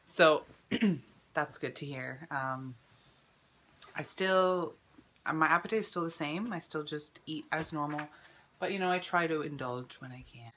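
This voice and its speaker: A young woman in her twenties vlogging casually, chatty and full of fillers, emotional at times, clearing her throat from a lingering cough. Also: deep voice, fairly bright tone. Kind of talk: casual personal vlog.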